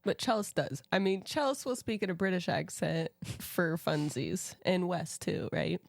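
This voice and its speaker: A young adult woman co-hosting a podcast, telling stories in an unhurried, giggly way during casual chat with friends. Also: lowish voice, vocal fry, no echo. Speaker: podcast co-host.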